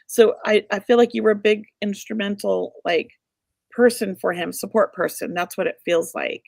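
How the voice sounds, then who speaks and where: A woman's voice: medium pitch, steady tone, moderate pace, creaky, no room sound, studio quality. A middle-aged woman co-hosting a show, giving casual spirit readings in an emotional, rambling way. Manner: emotional, warm-hearted, rambling. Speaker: psychic medium co-host.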